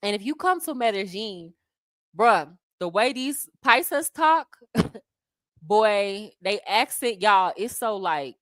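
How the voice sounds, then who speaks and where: This US-born expat in Colombia runs a casual travel stream, where she responds to viewers' comments animatedly, laughs a lot, and talks in slang. She speaks slowly at a medium pitch, her delivery melodic and sing-song. It's a studio-grade recording with no room sound at all.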